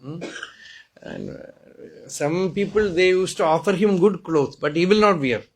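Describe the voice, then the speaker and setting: Indian man, fairly high voice, unhurried spiritual teacher telling stories. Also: lively intonation, low-quality recording. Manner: storytelling, asks "Hmm?" to listeners, chants Sanskrit verses. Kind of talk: spiritual discourse.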